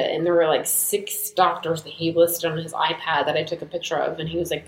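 A woman's voice: low voice, brisk, hardly any pauses. A woman chatting casually as a podcast co-host, telling stories with lots of animation and frequent laughter. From United States. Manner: animated storytelling, laughing often. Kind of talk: casual chat. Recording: roomy echo.

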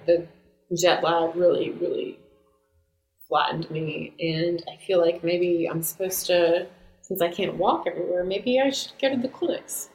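A woman telling a story in casual chat, animated and quick to laugh. Her voice sits a little low for a woman. The recording carries a noticeable roomy echo. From United States.

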